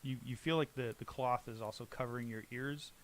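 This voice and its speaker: A man narrating a tabletop game as game master, describing scenes in a halting way with restarts. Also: medium pitch, steady tone, slight background noise.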